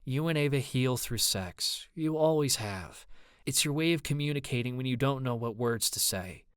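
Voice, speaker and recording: A man narrating an audiobook, voicing a blunt young woman who speaks flatly and matter-of-factly. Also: mid-range voice, normal speed, clear, resonant tone, dry recording, clean studio sound, lightly acted. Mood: dry. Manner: flat, matter-of-fact.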